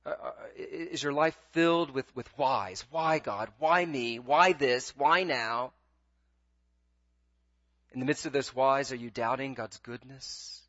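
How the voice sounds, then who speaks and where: A man's voice: mid-range voice, a little slow, fairly bright tone, no echo. Earnest stammering male preacher, dull dry sound. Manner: earnest, pleading, with frequent stammered restarts. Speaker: pastor. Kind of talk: sermon.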